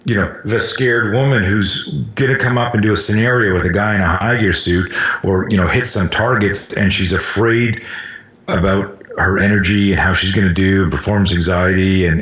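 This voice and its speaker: A man's voice: deep voice, moderate pace, fairly bright tone. A middle-aged man, a self-defense instructor, telling stories in casual, profane talk and acting out sounds and quotes. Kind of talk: casual storytelling in conversation. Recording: roomy, dull lo-fi sound.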